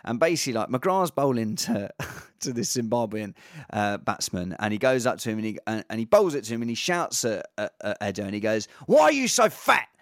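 A man's voice: on the low side, lively intonation, fairly quick, dry recording, clean studio sound. A man, a comedian on a podcast, telling an anecdote in casual chat with hesitant starts and laughter. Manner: hesitant starts, laughs at his own story.

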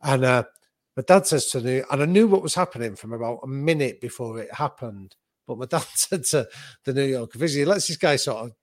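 A man recounting a story in a dry, close-sounding recording. He tells it in vivid, anecdotal detail, restarting quickly when the words run ahead of him. His voice sits at an ordinary middle pitch. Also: animated, dry recording. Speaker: boxing coach and author. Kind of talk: animated conversational storytelling.

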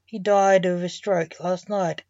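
A woman's voice: lowish voice, steady tone, a little slow, darkish tone, no room sound, highs cut off. A woman reading the lines of a curious young man who asks eager, anxious questions.

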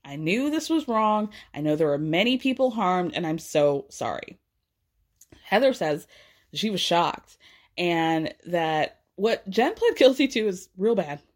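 A woman's voice: on the low side, very animated, measured pace. A woman casually recapping a reality show, chatty and acting out quotes in a raised voice. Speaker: recap podcaster.

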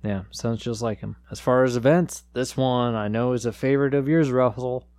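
A man playing a deadpan small-town radio host. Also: mid-range voice, moderate pace, dry recording, lightly acted. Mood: calm. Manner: deadpan, matter-of-fact about grim news. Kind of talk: improvised comedy audio drama.

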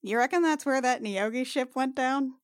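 Playing a character in a casual tabletop game, a woman chats away, filling her speech with lots of "like" and "I mean." Her voice sits high at a moderate pace, recorded at studio quality with no room sound.

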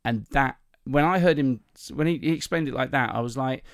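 A comedian and podcast host shares funny tales from his stand-up career in a casual, self-deprecating chat, halting and restarting with plenty of ums. His medium-pitched voice carries a gravelly fry, recorded dry and close with no room sound at all.

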